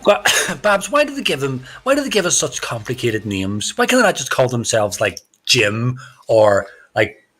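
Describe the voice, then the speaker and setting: A man doing excitable, chatty, joking commentary on a live sim racing stream. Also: medium pitch, moderate pace. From Ireland. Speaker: race commentator. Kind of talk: live esports race commentary.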